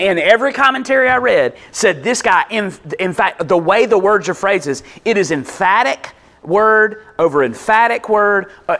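A man's voice: high-pitched, fairly bright tone. A male pastor preaching a sermon in a conversational way, walking through a Bible passage and checking in with the congregation.

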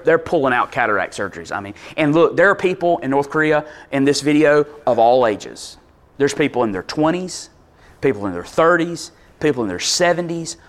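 A man preaching a sermon, telling a story with animated delivery and loudly acting out quotes. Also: mid-range voice. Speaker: pastor.

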